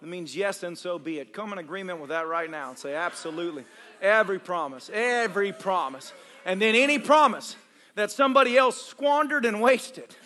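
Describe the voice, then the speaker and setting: A male pastor preaching a charismatic sermon at a live church service, shouting and joking with the congregation. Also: sits high, brisk. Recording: live church recording with crowd and noise.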